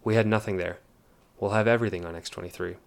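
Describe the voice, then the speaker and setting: Guy reading as a confident dad on a spaceship, low steady voice, brushing off worries in an audiobook. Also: quick pace, gravelly. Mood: assured. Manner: assured, dismissive. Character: confident, brisk space-traveling father.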